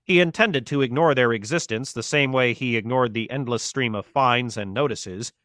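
Clean studio audio with no room sound captures scripted narration from a bright-voiced male audiobook reader. His voice sits in the mid range, and he keeps a moderate pace.

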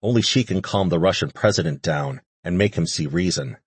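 A man voicing a calm male leader who speaks slowly and gives orders. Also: low voice, breathy edge, dry recording. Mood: commanding. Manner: slow, commanding. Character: calm, knowing male leader, quiet authority.

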